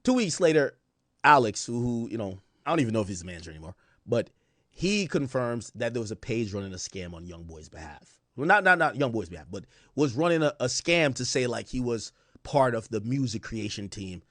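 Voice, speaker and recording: A man casually telling a long story to his stream viewers, acting out quotes in a lower voice. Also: fairly quick, dry recording, studio quality. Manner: animated, recounts quotes in lower voice. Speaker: commentator.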